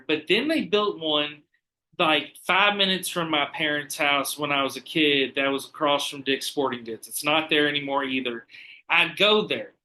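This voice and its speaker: Male podcast host, bright and forceful voice, animated and profane storyteller. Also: fairly high pitch. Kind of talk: casual chat.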